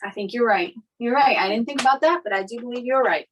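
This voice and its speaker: A woman co-hosts a podcast in a slightly high voice, talking fast in casual chat and teasing her husband in a matter-of-fact way. The audio is poor, with a little hiss or hum.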